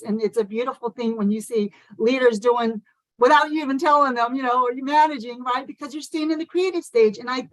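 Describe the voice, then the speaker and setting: Fast, passionate woman giving a pep talk. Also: on the high side, fairly bright tone, no room sound, rough recording. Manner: fast, passionate, lots of "like" and "you guys". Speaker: motivational speaker at an online conference. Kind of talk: motivational speech.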